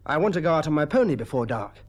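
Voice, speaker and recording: A defiant teenage boy full of suppressed hostility, put on by a man reading a storybook. He talks doggedly and impatiently, in a raised voice that swings widely in pitch. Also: sing-song, quick pace. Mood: sullen.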